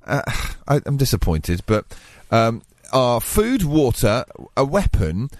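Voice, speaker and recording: A man's voice: very animated, slow pace, a little mellow, no room sound. Guy on breakfast radio messing about, voice swings up and down a ton, dry studio sound. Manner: playful, laughs often, wide swings in pitch. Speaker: radio breakfast show host. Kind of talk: jokey breakfast radio banter. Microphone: studio microphone.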